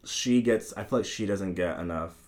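A man in casual podcast chat about a film, animated and profane, acting out characters' lines as he retells scenes. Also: low voice, normal speed.

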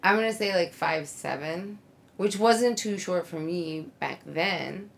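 A woman's voice: fairly low pitch, takes it slowly, creaky, slight background noise. A woman casually telling a long, rambling personal story with many likes and ums, laughing along the way. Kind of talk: casual chat.

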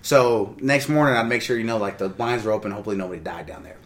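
A man's voice: lowish voice, fast. A man telling a long rambling story in casual chat, with many restarts and laughs.

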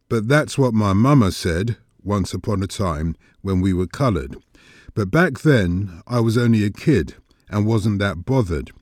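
A man's voice: on the low side, darkish tone, dry recording, studio quality. A man hosting a podcast, narrating in rhythmic, rhyming spoken word. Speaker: podcast host.

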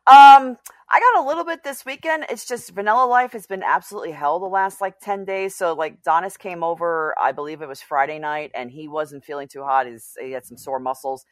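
A woman's voice: lowish voice, a little fast, no room sound. A woman co-hosting a podcast, chatting frankly and giggling often. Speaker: podcast co-host. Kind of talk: casual chat.

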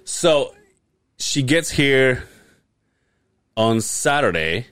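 Lively, foul-mouthed man telling a story. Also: medium pitch, very slow, no echo. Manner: animated, profane, laughs while telling stories. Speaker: podcast host. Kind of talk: casual storytelling chat.

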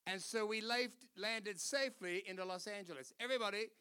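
Aussie pastor preaching, high bright voice, lively storyteller, laughs a lot. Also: male voice, fairly quick, clear, resonant tone. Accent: Australian. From Australia. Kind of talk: sermon.

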